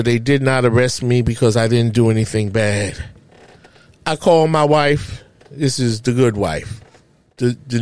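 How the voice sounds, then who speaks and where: A man's voice: on the high side, no room sound. A middle-aged man from New Jersey, telling a painful personal story on a podcast, acting out the dialogue as he goes. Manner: emotional, animated retelling with quoted dialogue.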